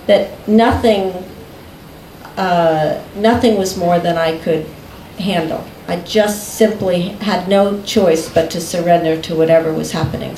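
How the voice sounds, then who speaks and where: Slow, unhurried woman telling a story. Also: fairly low pitch, a little mellow, slight background noise. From United States. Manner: unhurried, often breaking into laughter. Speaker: guest recounting a personal story. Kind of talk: storytelling in conversation. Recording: echoey room.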